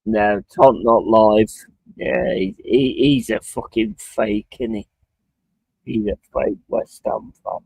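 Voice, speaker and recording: A man's voice: lowish voice, takes it slowly, gravelly, darkish tone, slightly rough, no room sound, rough recording. A young man chatting casually on a live stream, sweary and prone to ranting. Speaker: streamer watching a football match.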